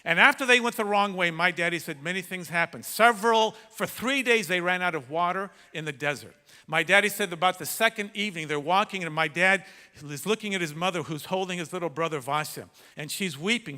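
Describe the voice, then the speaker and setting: A middle-aged man preaching a sermon, telling a story with dramatic swings from loud to hushed. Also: sits high, fairly quick. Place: large church hall. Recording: echoey church hall.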